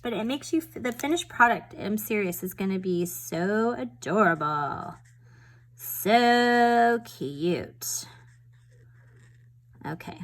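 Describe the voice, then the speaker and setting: A woman's voice: medium pitch, animated, normal speed, few pauses, a little hiss or hum, poor audio. A woman talks through a paper craft project at her home table in a loose, rambling way, poking fun at herself as she goes. Her voice sits in an ordinary middle register for a woman. She sounds casual and unscripted, like she is showing a friend. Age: adult with a school-age daughter. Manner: chatty, rambling, self-deprecating. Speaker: papercraft tutorial host.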